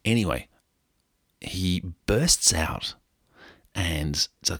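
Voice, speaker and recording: A man's voice: low voice, expressive, takes it slowly, pauses often, fairly bright tone, no echo, clean studio sound. A middle-aged man with an Australian accent tells a rambling travel story in a casual monologue, joking at his own expense. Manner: rambling, joking, self-mocking.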